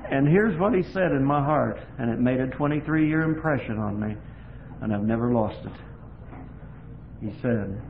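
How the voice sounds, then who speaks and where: Gravelly older man preaching a sermon. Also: mid-range voice, lively intonation, moderate pace. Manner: impassioned, swings between hushed and loud emphatic. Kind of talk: sermon with personal testimony. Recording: tinny lo-fi recording with faint hiss.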